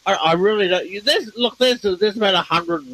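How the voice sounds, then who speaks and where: A slightly high-voiced man hosts a casual talk show. He explains things eagerly, stops and restarts his sentences, and spells out words letter by letter. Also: moderate pace, pushed and bright, no echo, rough recording. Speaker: host presenting reversed speech clips. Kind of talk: casual radio discussion.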